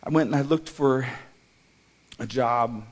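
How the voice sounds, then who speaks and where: A middle-aged man preaches, telling his own story of hardship. He speaks with emotion, stumbling and restarting often, at an everyday middle pitch. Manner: emotional, halting, with repeated restarts. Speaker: pastor. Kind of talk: personal testimony sermon.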